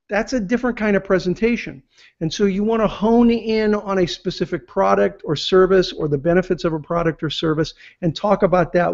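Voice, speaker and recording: Guy w a high gravelly voice giving networking tips, kinda muffled audio. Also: darkish tone. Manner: explanatory, acts out example phrases. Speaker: interview guest, business networking expert. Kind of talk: interview answers, advice.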